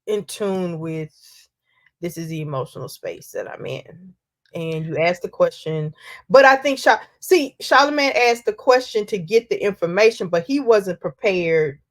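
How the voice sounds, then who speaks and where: Brief: woman podcast co-host, lively chatty storyteller, middle-pitched voice. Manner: animated storytelling, acts out quotes. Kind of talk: casual chat.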